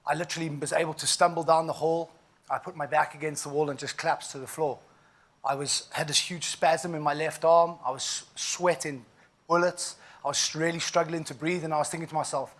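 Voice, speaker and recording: This man, roughly forty and South African-accented, has a highish, steady, fairly bright voice and speaks a little fast. Giving an inspirational keynote, he relates his story in a vivid, emphatic manner, often breaking off for asides.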